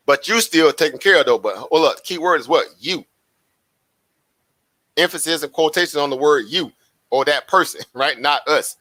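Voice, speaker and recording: A man hosting a casual livestream, talking in an animated, preachy way and repeating his phrases. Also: medium pitch, dry recording. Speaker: livestream host.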